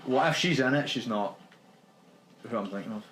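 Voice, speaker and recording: A Scottish man playing a video game and chatting casually, reacting excitedly to what happens on screen. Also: mid-range voice, normal speed, echoey room, noisy background. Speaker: let's play co-host and player. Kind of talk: casual gaming chat.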